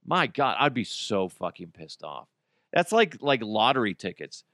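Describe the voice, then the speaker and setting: This podcast host rants solo in a casual, crude, jokey manner, dropping into mocking voices now and then. His lowish voice has a sing-song quality at normal speed, fairly bright, captured in a clean studio with no room sound.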